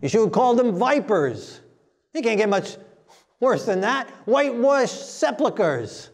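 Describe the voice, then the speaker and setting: A man with a very high-pitched voice delivers a sermon. He preaches forcefully and plainly, and he mocks the timid voices he quotes. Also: big pitch swings, measured pace.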